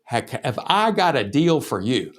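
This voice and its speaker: A man's voice: medium pitch, huge pitch swings, very fast, a bit bright, slightly rough, full character voice. A man doing an overexcited young store clerk. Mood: salesy. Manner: pushy, salesy enthusiasm.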